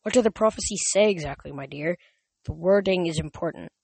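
A man voicing an old centaur teacher in a storybook reading, calm and fatherly. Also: sits high, a little fast, vocal fry, husky, no room sound, exaggerated voice. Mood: measured.

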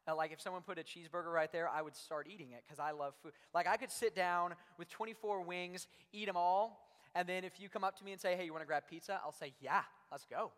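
A young adult youth pastor preaches to a youth audience in a large room, talking conversationally and animatedly with plenty of "like" fillers. His voice is high, fairly even in intonation and a bit bright, and he talks fast. The recording carries long hall reverb.

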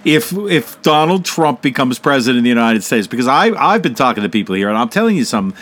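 A man's voice: medium pitch, big pitch swings, fast, a bit bright. A man co-hosting a casual talk show, rambling and swearing, often laughing. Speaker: co-host. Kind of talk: casual radio chat.

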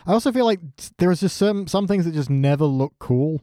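A man's voice: fairly high pitch, animated, brisk, dark tone, no room sound, studio quality. A man co-hosting a casual rewatch chat, wry and joking, acting out lines from the show. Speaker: podcast co-host.

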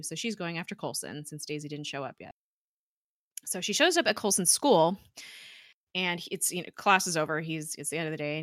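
A woman with a bright, lightly low voice recaps a show in casual podcast chat. She slips into quick quoted asides and laughs often, recorded close and dry with no room sound. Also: dry recording. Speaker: podcast co-host.

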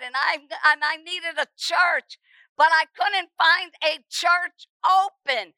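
A middle-aged woman preacher telling her testimony with emphasis, often repeating words and rising to shouts at the dramatic moments. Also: high-pitched, unhurried, no room sound, poor audio. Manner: repeats words when stirred. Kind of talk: testimony sermon.

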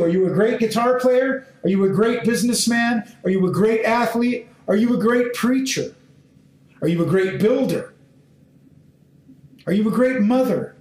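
Slow, high-voiced preacher in an echoey room. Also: male voice, darkish tone. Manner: slow, deliberate phrasing in short measured fragments; rising into emphatic questions to listeners. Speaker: Bible teacher. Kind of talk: sermon with scripture reading. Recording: roomy echo.

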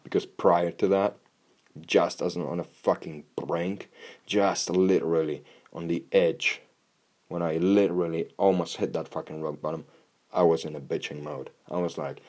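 A man's voice: low-pitched, steady tone, normal speed, darkish tone. A young man talking casually in a blunt, tough-love way, swearing constantly and restarting his words often. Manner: blunt, heavy swearing, repeats words when starting. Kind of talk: casual monologue.

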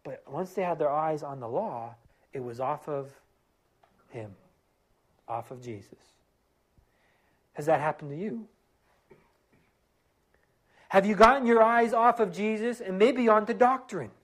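A man preaching a sermon as pastor, earnest and emphatic, driving points home with repeated phrases and easing into a quiet prayer. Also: sits high, animated, measured pace, long pauses.

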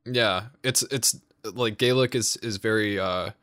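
A man's voice: on the low side, measured pace, fairly bright tone, dry recording, clean studio sound. A young man in casual chat, rambling with many fillers, laughing often and swearing casually.

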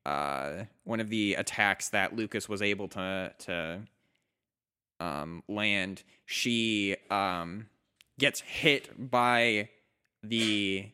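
Male game master, clear smooth tone, halting casual narration. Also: fairly low pitch, pushed and bright. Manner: hesitant, many fillers and restarts.

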